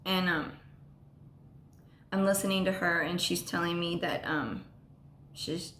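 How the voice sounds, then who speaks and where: A woman telling a personal story on a vlog, halting and full of ums and restarts. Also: on the low side, fairly even intonation, a bit bright, roomy sound, a little hiss or hum. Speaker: vlogger.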